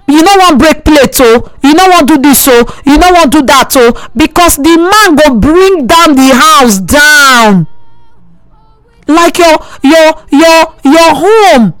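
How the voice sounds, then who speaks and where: A woman with a Nigerian Pidgin accent hosts a radio advice segment, her voice high and bright. She talks earnestly and repeats her points for emphasis, and the sound is close and dry. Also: no room sound, rough recording. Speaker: radio host. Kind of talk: call-in advice talk.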